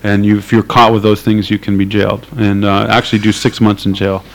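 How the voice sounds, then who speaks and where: A man's voice: lowish voice, level tone, fairly quick, rough recording. A man being interviewed, talking casually and hesitantly with many fillers and dry laughs. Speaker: activist interviewee.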